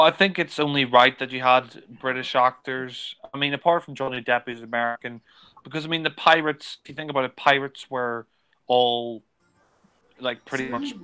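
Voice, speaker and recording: A man's voice: medium pitch, bright, forceful tone, clean tone, low-quality recording. A man giving casual, rambling commentary on a film, with lots of fillers.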